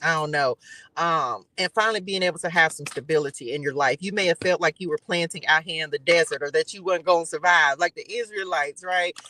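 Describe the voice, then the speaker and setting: A man giving a live tarot reading to his chat, excitable and chatty, with preacherly faith-filled encouragement. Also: on the high side, a little hiss or hum, low-quality recording. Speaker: tarot reader.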